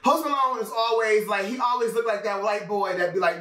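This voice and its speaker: A man hosting an album reaction, talking to viewers in an animated, exclaiming way over the music. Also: sits high, brisk. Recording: roomy, slightly distant mic with music.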